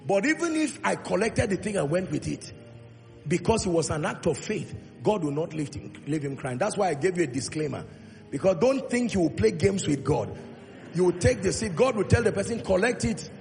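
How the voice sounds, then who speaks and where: Pastor preaching, kinda high gravelly voice, slow stretched-out emphasis, long church echo. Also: male voice, expressive. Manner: preaching with call-and-response, builds to loud emphatic peaks; drawn-out, slow emphatic delivery on key points. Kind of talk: sermon. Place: large church hall. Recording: long hall reverb with faint music.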